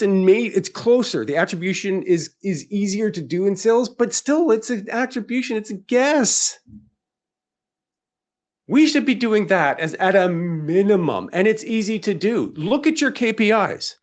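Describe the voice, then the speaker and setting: A man's voice: sits high, animated, moderate pace. A man hosting a live webinar, talking in an emphatic, rhetorical way and firing off questions that he answers himself. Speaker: webinar host.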